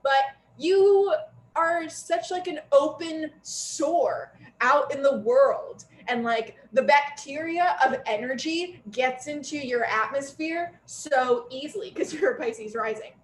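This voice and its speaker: A woman's voice: high voice, takes it slowly. Chatty young woman in an echoey room. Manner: chatty, laughs, acts out quoted voices. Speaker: astrologer co-host. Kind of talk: casual astrology chat. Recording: echoey room with faint ambient noise.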